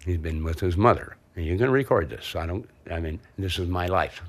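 A man in his sixties, a boat owner being interviewed outside at his home and harbor, talks in a low, brisk voice with no room sound. He is casual and open, wandering off topic and laughing readily.

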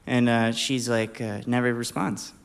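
A man from Alabama telling a personal anecdote in a casual, animated way, often breaking into laughter. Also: medium pitch, measured pace, vocal fry, smooth. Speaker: storyteller.

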